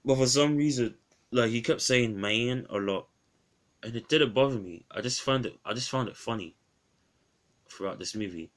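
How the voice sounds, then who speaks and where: A man's voice: mid-range voice, normal speed, fairly bright tone. A man reviewing an old film in a casual, rambling vlog, often restarting his phrases.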